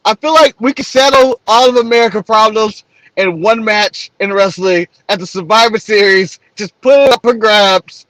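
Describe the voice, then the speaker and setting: Male co-host, high voice, jokey and rambling, dry recording. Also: normal speed, a bit bright, no room sound, low-quality recording. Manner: joking, laughs often, trails off mid-sentence. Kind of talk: casual podcast chat.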